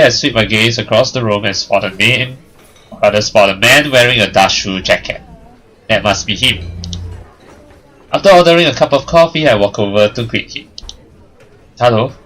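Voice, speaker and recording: A man's voice: mid-range voice, a bit bright, rough recording. Young male let's-play host, sarcastic asides, mid voice, faint music behind him. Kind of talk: casual let's play, reading narration aloud.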